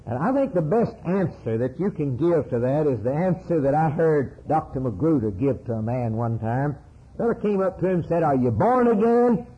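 A man preaching a sermon with fervent, rhythmic delivery and sweeping rises and falls in pitch. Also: animated, normal speed, husky. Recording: dull lo-fi sermon recording.

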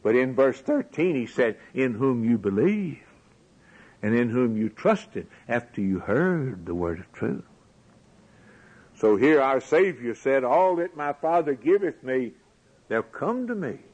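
A man's voice: mid-range voice, sing-song, unhurried, a little mellow, slightly rough, muffled recording. A man preaching a sermon, building his points with rhetorical questions and a rising, emphatic cadence.

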